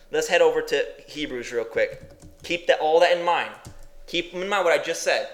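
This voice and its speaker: A man's voice: on the high side, fairly bright tone, echoey room. A male preacher teaching a sermon in an emphatic way, asking questions and repeating phrases.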